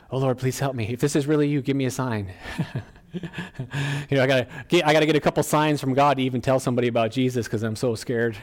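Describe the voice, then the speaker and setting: A middle-aged pastor delivers a sermon from the front of a church, his animated preaching often rising higher and louder into emphatic exclamations. Between peaks he settles into a quieter, conversational tone.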